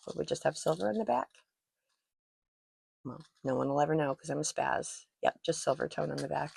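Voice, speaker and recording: A woman's voice: low voice, brisk, vocal fry, husky. A woman hosting her own jewelry channel, chatting casually and gushing over each piece, with self-deprecating asides, on a personal microphone. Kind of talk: casual show-and-tell chat. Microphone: personal microphone worn while talking.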